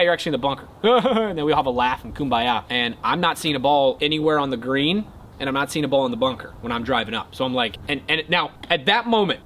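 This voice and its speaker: A young man casually telling a golf story to his viewers, excitable and then earnest. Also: on the high side, a little hiss or hum. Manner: excitable retelling, quieter and earnest when talking faith. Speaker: golf content creator.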